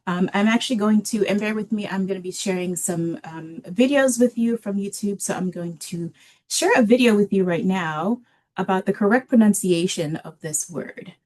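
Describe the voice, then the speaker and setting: A woman presenting a library webinar in a relaxed, casual way, with many filler ums. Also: mid-range voice.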